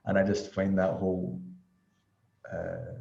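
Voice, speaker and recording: A Scottish man chats on a video call in a deep, gravelly, mellow voice. He rambles reflectively, breaking into small chuckles. The audio is echoey and somewhat muffled. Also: completely flat delivery, slow pace. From Scotland. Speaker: study group participant. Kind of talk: casual chat. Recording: echoey, dull lo-fi room audio.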